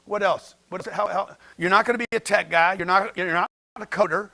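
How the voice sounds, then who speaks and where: A man's voice: sits high, steady tone, fairly quick, vocal fry, bright, forceful tone. A man giving a blunt, slangy motivational talk to a livestream chat, firing rhetorical questions at his audience. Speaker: motivational speaker.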